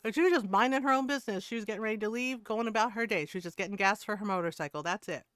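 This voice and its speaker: A woman streamer rants to her chat, heated and swearing freely, with laughs breaking up her points. Her voice sits at a middle pitch. The recording is dry and close, with no room sound. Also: racing, a bit bright, clean tone, no room sound. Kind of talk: casual rant to stream chat.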